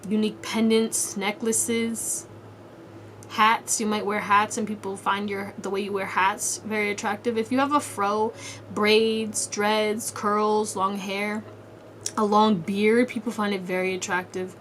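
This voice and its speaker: A woman's voice: medium pitch, little pitch movement, measured pace, fairly bright tone, a little hiss or hum. A woman giving a casual pick-a-card tarot reading, speaking straight to the viewer in a slangy, blunt way and swearing freely. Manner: talks straight to the viewer in second person. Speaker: tarot reader.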